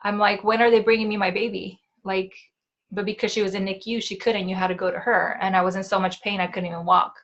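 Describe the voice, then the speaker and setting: Woman host, 30s, candid first-person storyteller, mid-pitched, conversational. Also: flat delivery, a bit bright, dull audio. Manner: candid, quick restarts, often says "like" and "right?". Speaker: podcast host.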